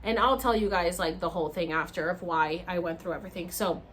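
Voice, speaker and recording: A woman vlogger telling a story to camera in a casual, animated way, swearing freely and acting out her own reactions. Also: fairly low pitch, fast talker, a little hiss or hum.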